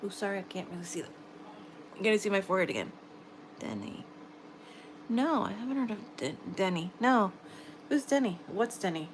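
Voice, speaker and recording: Gentle American woman chatting on a livestream. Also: mid-range voice, very animated, moderate pace, pauses often, slight background noise, low-quality recording. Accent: American, New York. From New York area, US. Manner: gentle, encouraging, chatty with viewers. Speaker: livestream host. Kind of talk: casual live chat reading comments. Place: home at night, quiet room.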